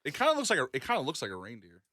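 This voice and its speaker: Man, co-host, playful banter, joking, self-mocking, muffled by a mouth prop, lively pitch, dry close mic. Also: racing, no room sound. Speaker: morning show co-host.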